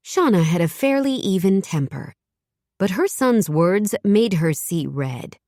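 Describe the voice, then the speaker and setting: A woman narrating an audiobook in a measured storytelling manner. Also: mid-range voice, lively intonation, a little mellow, no room sound, studio quality. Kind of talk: scripted narration.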